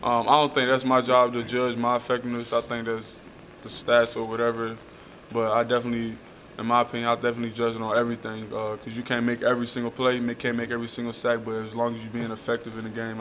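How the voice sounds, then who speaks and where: Young man, flat halting press answers. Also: mid-range voice, slight background noise. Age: young adult. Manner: halting, many uh fillers, flat delivery. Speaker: college football player.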